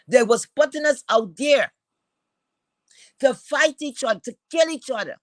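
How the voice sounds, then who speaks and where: A woman's voice: a little high, fairly bright tone, no echo. A woman gives a heated commentary rant. She is blunt, swears freely and keeps asking rhetorical questions.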